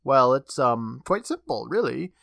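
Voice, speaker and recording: A man's voice: mid-range voice, big pitch swings, unhurried, vocal fry, fairly bright tone, no room sound, clean studio sound, full character voice. A man quoting a grumpy magic shop owner. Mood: dismissive.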